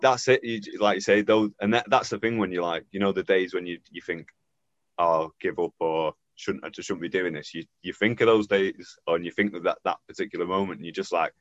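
A man's voice: deep voice, fairly even intonation, a little fast, no room sound. A man hosting a podcast over a video call, talking in a laid-back, sweary and encouraging way. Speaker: podcast host. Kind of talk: casual podcast chat. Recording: dull, dry video-call audio.

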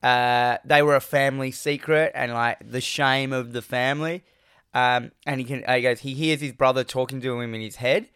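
Un hombre que presenta un podcast y cuenta una película en charla informal, riéndose e imitando las frases de los personajes. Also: male voice, mid-range voice, steady tone, moderate pace, fairly bright tone, clean tone, no room sound, clean studio sound. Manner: laughing, retells scenes acting out the characters' lines. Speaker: podcast co-host. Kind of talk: casual movie recap chat.

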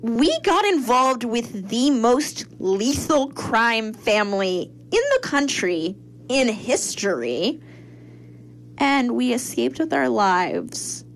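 Lively young woman telling a story. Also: fairly high pitch, slow. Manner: animated, acts out quoted people, swears freely. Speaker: podcast host. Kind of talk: casual storytelling chat.

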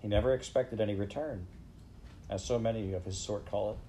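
A gentle, authoritative voice pleads kindly, as a man reading an audiobook puts it on. The tone is low and mellow, firm but not soft. It sounds hopeful and sad at once. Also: brisk, a little hiss or hum, natural voice, low-quality recording.

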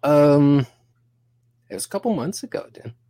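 A man in his thirties telling a story on a podcast, animated and profane, acting out both sides of an argument in quoted dialogue. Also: on the high side, moderate pace, clear, resonant tone, no room sound. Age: 30s. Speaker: podcast guest.

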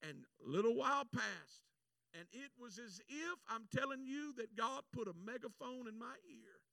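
High, gravelly preacher. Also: male voice, normal speed, no echo, recorded from a distance. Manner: animated, shouts acted prayers. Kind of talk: sermon with personal story.

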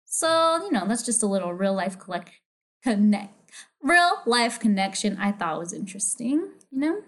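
A woman's voice: medium pitch, big pitch swings, normal speed, fairly bright tone. A woman co-hosting a podcast, recapping a TV episode in casual chat, swearing freely and laughing as she acts out quotes. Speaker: podcast co-host.

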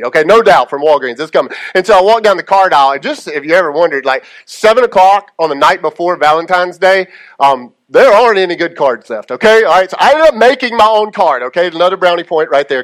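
A man in his thirties, a lead pastor, preaching a sermon in a conversational storytelling way, checking in with "okay?" and slowing down softly for prayers. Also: sits high, lively intonation. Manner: drops to slow, soft delivery for prayers.

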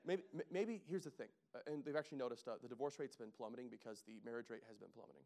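A man in his thirties preaching a casual, joking sermon that rises into loud, emphatic calls to the congregation. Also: medium pitch, racing, creaky. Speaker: pastor.

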